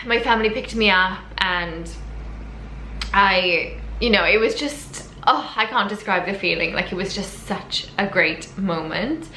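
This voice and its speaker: A woman's voice: medium pitch, pushed and bright. A young woman from the United Kingdom telling her story to camera in a chatty, emotional way, often correcting herself. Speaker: vlogger. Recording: echoey room with faint background noise.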